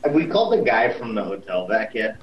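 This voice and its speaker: A man's voice: on the low side, big pitch swings, fast. A man joking crudely in casual banter, snickering. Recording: dull call audio with faint hiss.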